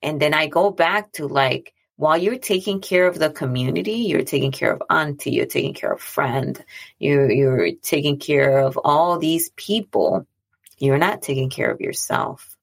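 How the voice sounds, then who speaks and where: Woman, low gravelly register, earnest chatty monologue, repeats lines to drive the point home. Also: expressive, moderate pace. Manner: earnest, conversational, repeats phrases for emphasis. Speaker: speaker on mental health and boundaries. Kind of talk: reflective monologue.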